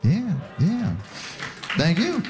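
A man doing a stand-up comedy set on a club stage into a handheld mic, in chatty, self-deprecating storytelling with sudden pitch jumps. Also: huge pitch swings, drawn-out words, darkish tone. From Canada. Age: 40s.

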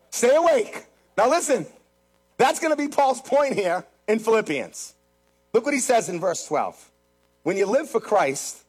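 A pastor with a high, slightly rough voice preaches a sermon, speaking directly to his congregation. He's emphatic and keeps repeating phrases.

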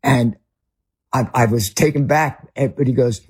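Husky Northern US man telling stories. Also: medium pitch, measured pace, a little mellow. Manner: rambling with restarts. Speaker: ministry leader guest. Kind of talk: conversational storytelling.

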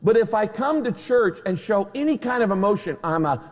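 A man preaching with a high, lively voice that leaps up and down, pressing his points through rhetorical questions and dry humor. His voice rings out with a long reverb in a large hall. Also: brisk. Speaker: pastor. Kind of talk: sermon.

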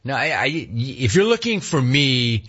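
A man in his fifties hosting a call-in talk radio show, ranting with animated energy and mocking voices. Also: unhurried, husky, lo-fi sound. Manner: animated ranting, mocks cheerful clerks in a high voice. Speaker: radio talk show host taking calls.

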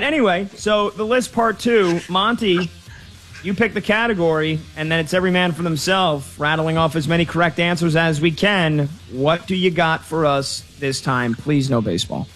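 Fairly high-voiced chatty sports host. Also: male voice, moderate pace, fairly bright tone, faint music behind. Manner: chatty, joking, self-deprecating. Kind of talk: casual sports talk radio.

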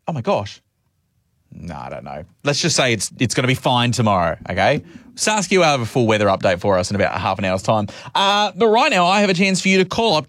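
A man's voice: on the high side, fairly bright tone, no room sound. A young adult man with an Australian accent hosting a radio show, telling stories in a chatty, self-mocking way. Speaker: radio host. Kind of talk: casual radio chat.

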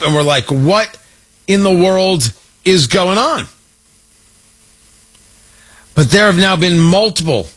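A man's voice: on the high side, a bit bright, husky. A man delivering an emphatic, sarcastic political commentary monologue, hammering his points through repetition.

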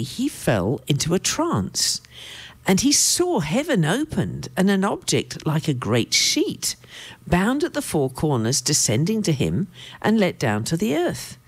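A woman preacher with a low voice reads scripture and comments in a lively, swinging tone. She speaks with emphatic asides, recorded close and dry. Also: unhurried, breathy edge, no room sound. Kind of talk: sermon with Bible reading.

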